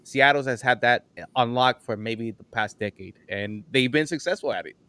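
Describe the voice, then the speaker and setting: Man, smooth voice, dry sound, measured sports analysis. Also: medium pitch, sharp tone, no echo. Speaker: podcast co-host.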